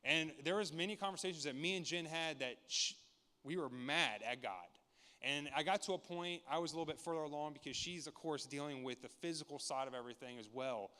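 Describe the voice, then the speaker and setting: In a large church sanctuary with a long hall reverb, a man in his thirties gives a candid, earnest personal testimony to the congregation. His voice is fairly high, fairly quick, pushed and bright, and he often restarts his sentences as the story unfolds.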